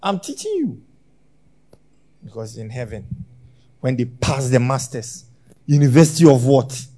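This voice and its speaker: A man preaching a sermon as pastor, swinging between loud shouts and hushed lines. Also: mid-range voice, lively intonation, measured pace.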